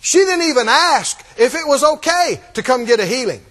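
A man preaching a sermon, laughing often and acting out the scripture scenes in lively voices. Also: very high voice, moderate pace.

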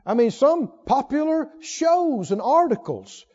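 A man preaching a sermon in a church, fervent and emphatic, swinging from loud to hushed. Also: extremely high pitch, big pitch swings, measured pace. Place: church sanctuary. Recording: lo-fi recording with long hall reverb.

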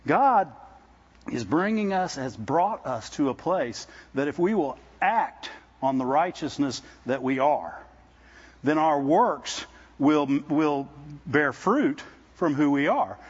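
A man who is visiting a church preaches a sermon to the congregation in a conversational manner, with frequent restarts and many calls of "Amen?" to the room. His voice is husky and a little high, with lively intonation, and he takes his time. The highs in the recording are cut off.

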